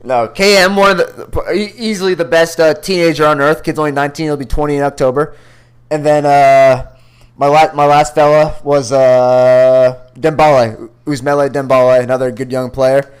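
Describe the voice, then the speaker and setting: A man's voice: on the high side, fairly even intonation, normal speed, clean tone. A young man co-hosting a podcast over a computer call, talking sports in loose, joking banter with plenty of swearing. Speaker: podcast co-host. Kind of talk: casual sports chat.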